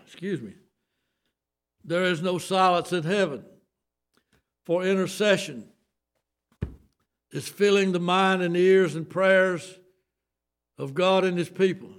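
An older Southern preacher delivers his sermon in an unhurried, deliberate way, with a slightly raised voice. He is folksy and emphatic, leaning on homespun asides between points. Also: sits high, a bit bright, clear, resonant tone.

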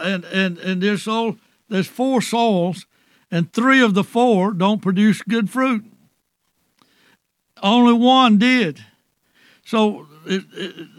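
High-voiced, slow-preaching man. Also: fairly bright tone, dry recording. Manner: earnest, halting restarts, often says "dear soul". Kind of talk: sermon.

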